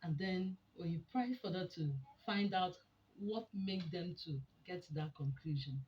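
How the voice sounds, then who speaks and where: A woman's voice: on the low side, highs cut off, a little hiss or hum. Emphatic woman teaching a talk. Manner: emphatic, deliberate, asks rhetorical questions. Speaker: speaker on a women's program.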